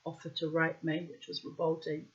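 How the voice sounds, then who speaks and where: A woman's voice: low-pitched, moderate pace. Blunt, salty woman telling tales. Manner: blunt, salty, swears freely; animated, acts out quotes loudly. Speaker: storyteller. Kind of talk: personal anecdote monologue. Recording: muffled lo-fi recording.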